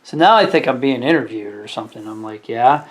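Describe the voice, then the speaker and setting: A man, a restaurant waiter, telling stories from his shift in a rambling, casual way, full of fillers and growing animated. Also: medium pitch, fairly quick. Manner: rambling, filler-heavy retelling that grows animated. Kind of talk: casual storytelling vlog.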